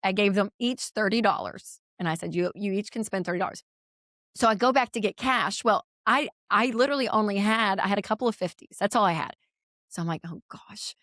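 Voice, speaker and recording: A woman's voice: mid-range voice, brisk, a bit bright, no echo, studio quality. A woman in her thirties, a podcast guest, chatting candidly and telling stories with easy laughs. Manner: chatty storyteller, laughs easily. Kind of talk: candid conversational interview.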